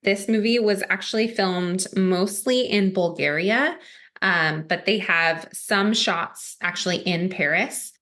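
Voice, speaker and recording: Woman, podcast co-host, casual chat, giggles a lot, mid pitch. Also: takes it slowly, a bit bright. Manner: chatty, giggly storytelling.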